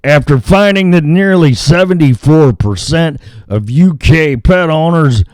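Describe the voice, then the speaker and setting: A man's voice: on the high side, measured pace, a little mellow, no room sound, clean studio sound. A male talk show host rambling through news items in a crude, ad-libbed way, humming filler sounds between lines. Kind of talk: casual ad-libbed radio talk.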